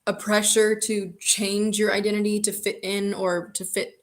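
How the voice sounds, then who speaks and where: A woman's voice: medium pitch, level tone, moderate pace. Woman podcast host asking questions. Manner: brief supportive backchannels. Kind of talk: interview questions.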